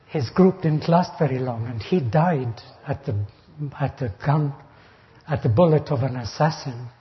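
A man's voice: medium pitch, a little slow. An older man preaching an expository Bible sermon, emphatic, rising sharply when he quotes taunts. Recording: dull lo-fi recording.

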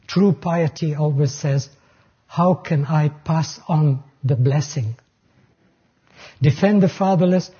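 A man preaching a sermon, reading scripture aloud with slow, deliberate emphasis. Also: a little high, mellow, slightly rough, muffled recording.

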